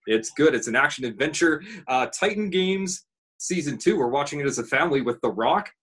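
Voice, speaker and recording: A man running through TV picks in casual chat, animated and playfully dramatic. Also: fairly high pitch, a little fast, husky. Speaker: show panelist reviewing TV.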